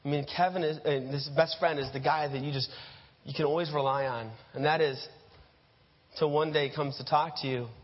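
A preacher delivers a sermon through storytelling, addressing listeners as "you" and acting out scenes. His voice is on the high side with a steady tone and moderate pace. The recording sounds dull and echoey, as in a hall.

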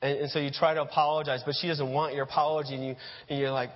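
Male preacher, second-person storytelling sermon; slightly high voice, dull recording from a church hall. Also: flat delivery, rapid-fire. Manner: addresses listeners as "you", acts out scenes.

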